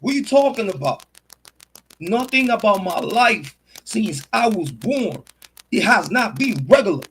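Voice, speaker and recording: A man's voice: high-pitched, very animated, unhurried, fairly bright tone, slightly rough, rough recording. A man hosting a casual livestream monologue, talking in boastful, swaggering street slang about himself. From Puerto Rico. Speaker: true crime and sports commentary host.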